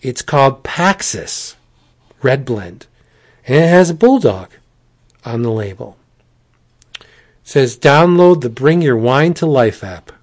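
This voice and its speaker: A man's voice: medium pitch, very animated, slow, pauses often. A man hosting a casual podcast, joking and rambling through a sponsor read with playful asides. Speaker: podcast host.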